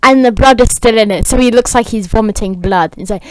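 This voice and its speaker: A woman's voice: on the high side, brisk. A woman improvising a rambling story, full of fillers and restarts, on a close home mic. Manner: rambling, filler-heavy, giggly.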